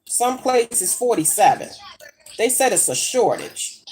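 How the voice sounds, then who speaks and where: An American middle-aged woman vlogs while cooking in her home kitchen, chatting casually and telling gossipy stories in a brash, profane way. Her fairly high voice is sing-song with a darkish tone, delivered at a measured pace over slight background noise.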